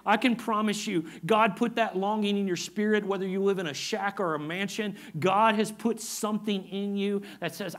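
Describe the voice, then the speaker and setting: A man's voice: high voice, fairly even intonation, normal speed, few pauses, fairly bright tone. A man preaching a sermon as pastor, emphatic and repetitive, often asking his congregation for an amen. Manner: emphatic, repeats phrases, asks the congregation for amens.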